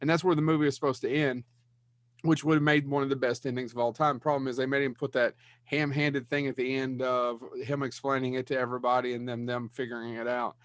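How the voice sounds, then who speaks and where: A man's voice: mid-range voice, little pitch movement, fast talker, no echo. A man co-hosting a podcast, chatting casually about films, rambling, swearing and blanking on names. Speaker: podcast co-host. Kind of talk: casual movie chat.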